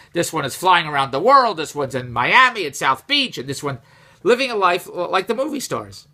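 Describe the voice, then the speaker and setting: A man telling a casual personal story, rambling and repeating himself, rising and getting louder when exasperated. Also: a little high. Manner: animated, rises and gets louder when exasperated.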